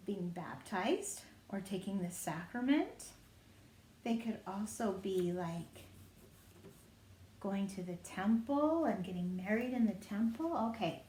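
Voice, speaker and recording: A woman leading a children's singing lesson, talking gently and encouragingly to the children. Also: medium pitch, reverberant, a little hiss or hum. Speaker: primary singing time leader.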